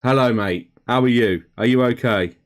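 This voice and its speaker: At a moderate pace and in a mid-range voice, a man chats on a live hobby stream from his home hobby room. He reads the chat aloud, says hello to viewers by name, calls them mate and swears occasionally.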